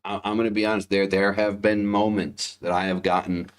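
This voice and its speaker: A man with a fairly low voice chats on a livestream, candid and loose. He swears freely and circles back over his own words as he tells a story. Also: flat delivery, fairly quick, clear, resonant tone. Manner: candid, heavy swearing, repeats himself. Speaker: podcast co-host, father. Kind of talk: casual livestream chat.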